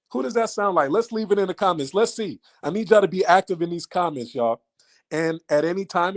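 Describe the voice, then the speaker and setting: A man hosting a livestream, talking casually to his chat in an animated, mocking way and throwing repeated questions at the audience. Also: a little high. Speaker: livestream host.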